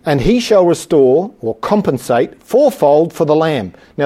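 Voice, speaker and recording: This sermon comes from a man whose mid-range voice is mellow. He lingers over scripture, reading it slowly with emphasis, and then breaks it down in plain, conversational speech, letting out the odd chuckle.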